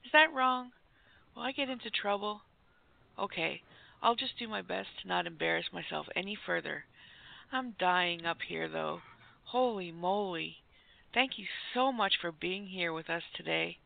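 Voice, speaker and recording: Giddy gushing woman, creaky, phone-thin. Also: on the low side, moderate pace. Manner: gushing, giddy, breathless fangirl. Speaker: comedy segment host. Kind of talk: comic radio bit. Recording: phone-like narrow sound.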